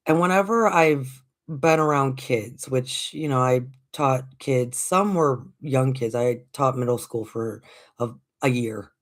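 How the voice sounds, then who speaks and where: A woman in her forties tells a story in a relaxed, easygoing way. She talks slowly and acts out the voices of the people in her story. She laughs often as she goes. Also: a bass voice. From United States. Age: 40s. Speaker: livestream host. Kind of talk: casual storytelling.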